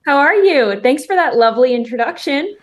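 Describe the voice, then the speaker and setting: A woman's voice: high voice, lively intonation, brisk. A woman co-hosting a talk show, chatting in an upbeat, friendly way. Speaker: co-host. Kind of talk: casual chat.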